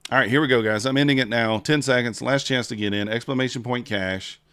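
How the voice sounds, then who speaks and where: A man's voice: mid-range voice, quick pace, sharp tone, smooth, no room sound, clean studio sound. A man hosting a casual trading livestream, chatting with viewers and counting down a giveaway.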